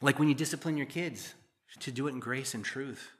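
A man's voice: mid-range voice, a little fast. A middle-aged man preaching a sermon, reading scripture verses and explaining them with casual, joking asides. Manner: conversational, joking asides between read verses. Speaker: pastor.

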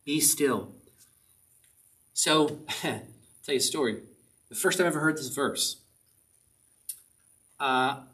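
In a church service, a pastor speaks at medium pitch with a pushed, bright tone. Earnestly he repeats short commands to drive the point home, and he sounds slightly distant from the mic.

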